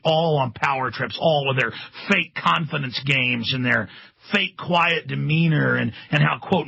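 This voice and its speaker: Raspy shouting talk radio host, man. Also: fairly high pitch, no echo. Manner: furious ranting, building to shouts; stammering when overwhelmed. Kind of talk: angry talk radio rant. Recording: dull lo-fi radio broadcast.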